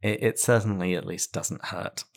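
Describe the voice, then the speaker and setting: A British man hosts a relaxed interview, asking questions in a measured, dryly understated way. His voice sits somewhat low for a man. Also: vocal fry. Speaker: podcast host. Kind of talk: interview conversation.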